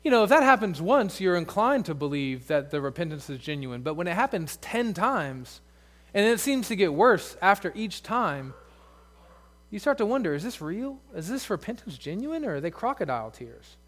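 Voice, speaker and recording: High-voiced conversational preacher man. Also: sing-song, moderate pace, a bit bright. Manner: conversational, with asides and rhetorical questions. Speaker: pastor. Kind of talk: sermon.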